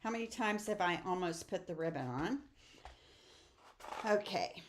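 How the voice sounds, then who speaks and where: A middle-aged stamping and papercraft instructor leads a casual craft tutorial, chatty and upbeat as she walks viewers through each step of a papercraft project. Her voice sits on the low side, animated and a little slow.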